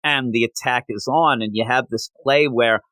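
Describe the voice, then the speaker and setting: A man hosting a comic book review podcast, recapping the plot in a rambling, animated way and slipping into quick voices for the characters. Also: medium pitch, no room sound.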